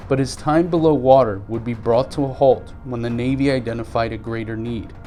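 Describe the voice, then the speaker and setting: A male reporter gives measured, scripted narration in a mellow, warm voice. Soft music plays under his voice. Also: mid-range voice, fairly even intonation. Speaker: news reporter.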